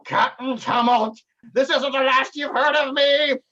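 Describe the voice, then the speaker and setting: A man voicing a defeated male pirate captain who draws out his threats in a strained, high voice. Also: steady tone, measured pace, bright, forceful tone, lo-fi sound, full character voice. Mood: defiant.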